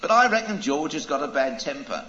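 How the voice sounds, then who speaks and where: A man's voice: a little high, sing-song, fairly quick, sharp tone, lo-fi sound. A man voicing a fussy housewife puzzled about her goldfish. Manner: puzzled, fussing.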